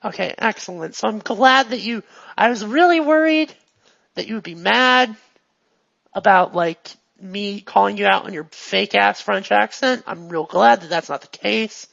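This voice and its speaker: A game master voicing an excitable, pushy female TV star who gushes and swings between loud and hushed. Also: medium pitch, normal speed, vocal fry, muffled recording. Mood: gushing. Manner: gushing, jumps from excited to hushed.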